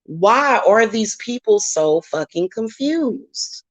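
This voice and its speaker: Expressive and slow, with a medium pitch, a woman hosting her channel as a spiritual reader goes on a heated, profane, confrontational rant against her critics in an angry vlog. It's a dry recording.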